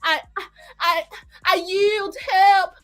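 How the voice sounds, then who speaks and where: A cowardly young prince whimpers and stammers out pleas, as a woman acts him out. His voice sits high and thin. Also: steady tone, slow, a bit bright, faint music behind, heavily acted. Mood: pleading. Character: cowardly wounded young male prince, begging.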